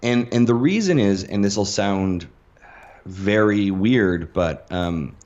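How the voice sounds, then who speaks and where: Man from western Canada, very deep voice, animated storyteller, dull lo-fi sound. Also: slow pace. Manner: animated storyteller who acts out the people he quotes. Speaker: podcast guest. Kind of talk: casual podcast chat.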